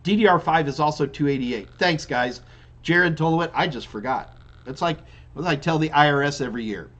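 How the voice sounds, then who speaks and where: Casting: male tech trainer hosting a live stream Q&A, chatty, with a slightly high voice, rambling and restarting. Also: fairly quick, a bit bright, muffled recording. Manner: loose and chatty, with frequent restarts and fillers. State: yawning repeatedly. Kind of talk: casual live-stream Q&A, reading viewer questions.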